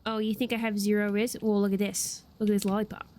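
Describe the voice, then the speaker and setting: A young woman streaming a video game, chatting casually and excitably and laughing often as she plays. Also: mid-range voice, fast. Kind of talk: casual gameplay chat. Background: game music.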